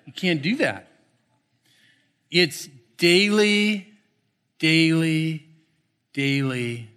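A middle-aged male pastor preaching a sermon, telling animated stories with playful asides. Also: a little high, slightly rough.

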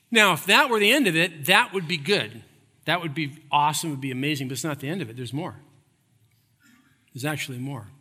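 A man preaching a sermon, emphatic, repeating phrases and swinging between loud and hushed. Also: a little high, brisk, slightly rough, long reverb tail. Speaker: pastor.

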